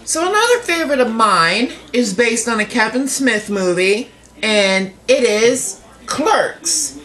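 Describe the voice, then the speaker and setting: A woman in casual chat as a co-host, enthusiastic and quick to ask questions. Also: on the high side, big pitch swings, fairly bright tone.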